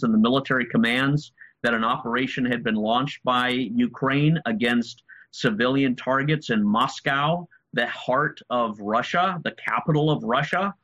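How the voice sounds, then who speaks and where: A man with a mid-range voice gives political commentary in a steady run of pointed rhetorical questions. His recording sounds a little dull and lo-fi. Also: medium pitch.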